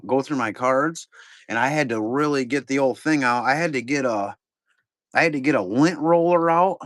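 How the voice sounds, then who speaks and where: A middle-aged man chats in a loose, rambling way, talking straight to his viewers as if they were hanging out with him. His voice sits in an ordinary middle pitch and sounds close and dry, with hardly any room around it. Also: a bit bright, dry recording. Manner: rambling, laid-back, talks to chat viewers. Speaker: card break streamer. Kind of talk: casual live-stream chat.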